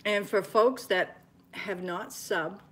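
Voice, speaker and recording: A woman's voice: mid-range voice, takes it slowly, fairly bright tone, slight background noise. An older woman chatting homily to her viewers while she cooks in her kitchen, at times dropping to a near whisper. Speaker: homestead cooking vlogger. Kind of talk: casual live-stream cooking chat. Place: home kitchen.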